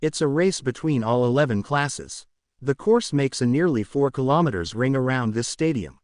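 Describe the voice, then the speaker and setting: A man's voice: medium pitch, animated, moderate pace, darkish tone, no echo, studio quality, natural voice. A man voicing a flamboyant, teasing adult female hero who referees a school tournament in a fan-fiction reading.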